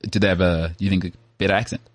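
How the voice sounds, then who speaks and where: A man from South Africa co-hosting a podcast, telling rambling, animated stories in casual chat. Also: low voice, fast talker, no room sound. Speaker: podcast co-host. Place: Cape Town.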